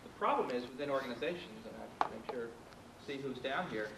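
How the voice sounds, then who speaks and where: A man's voice: mid-range voice, very animated, brisk. A man in the audience thinking aloud as he comments on the talk. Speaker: audience member. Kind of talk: question from the floor. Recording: echoey room with background noise.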